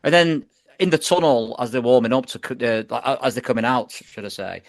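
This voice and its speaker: A man's voice: mid-range voice, expressive, normal speed. A British man co-hosting a podcast, telling football stories in an enthusiastic, rambling way. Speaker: podcast co-host. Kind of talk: casual chat.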